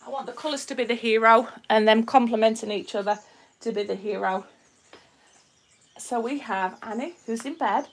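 A woman's voice: on the high side, moderate pace, a little hiss or hum. A woman with a Yorkshire accent and a slight Australian twang, chatting casually to viewers on a live stream as she demonstrates her craft, greeting people and reading out their comments. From Yorkshire, England. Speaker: resin artist hosting a live stream.

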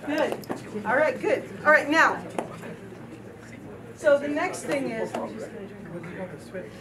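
A woman's voice: high voice, animated, slow, crowd noise. A woman teaching a group drum and dance class, counting steps, chanting rhythm syllables and encouraging her students. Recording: distant mic with loud noise.

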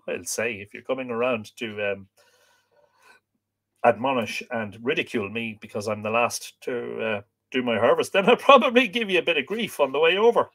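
A man's voice: medium pitch, moderate pace, pushed and bright. A man hosting a live show. He reads a folklore book aloud and breaks off to chat casually with viewer comments, often hesitating with 'uh'. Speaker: podcast host.

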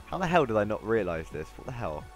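A man's voice: fairly low pitch, sing-song, fast. A man giving casual, rambling gameplay commentary, talking to himself as he plays. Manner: rambling, talks to himself while playing. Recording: game music playing underneath.

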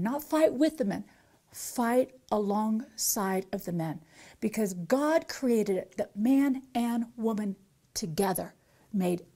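A middle-aged woman teaches in a storytelling sermon style. She is animated and switches into the voices of the people in her account as she goes. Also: medium pitch. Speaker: Christian author and teacher.

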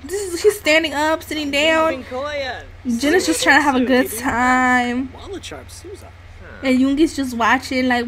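A woman commenting on a life-sim game as she plays, excitable and swearing freely while she narrates what her characters do. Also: high voice, measured pace, crowd noise. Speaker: gaming channel host. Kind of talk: let's-play commentary.

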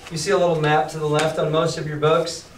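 A man's voice: a little high, flat delivery, fast, slight background noise. Male teacher reading to a class. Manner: chatty, paraphrases the text in casual slang. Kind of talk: reading aloud and explaining a novel to a class. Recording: roomy classroom, mic far off.

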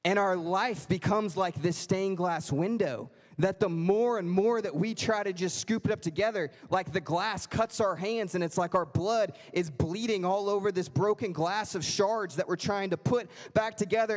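The reverberant church hall carries a high-pitched man's sermon, delivered at normal speed with few pauses. As pastor, he tells a story from the sanctuary and acts out each quoted voice.

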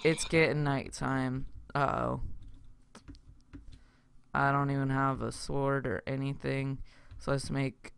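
A man's voice: mid-range voice, little pitch movement, takes it slowly, gravelly, pauses often, a bit bright, clean tone. A young man casually narrating his own game play, rambling and chatty with lots of fillers and self-interruptions. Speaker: gaming YouTuber. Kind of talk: casual Minecraft let's play commentary.

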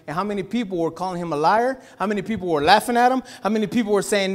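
Pastor guy preaching at church, high voice, slangy and chatty, goes from yelling to quiet. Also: quick pace, hardly any pauses. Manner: conversational preaching with slangy asides and laughs; swings from shouting to hushed. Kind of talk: sermon.

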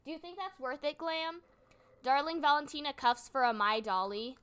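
A woman's voice: sits high, normal speed, fairly bright tone. A young woman casually commenting on her gameplay, chatty and giggly, thinking aloud as she goes. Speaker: gaming channel host.

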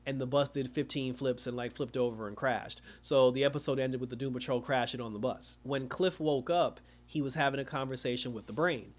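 A man's voice: medium pitch, fairly even intonation, a little fast, few pauses. A young man recapping a TV episode casually, acting out the characters' lines and laughing often. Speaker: show reviewer.

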